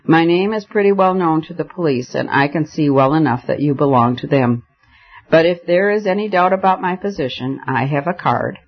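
A man reading aloud and voicing a frantic nobleman who rants in loud, exasperated outbursts. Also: fairly high pitch, normal speed. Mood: grim. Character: frantic unmasked nobleman, secretly a police inspector. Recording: dull lo-fi audiobook recording.

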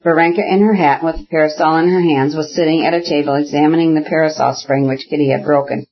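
A narrator reading a classic novel in a measured, even manner with a husky voice. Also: medium pitch, highs cut off. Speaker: audiobook narrator.

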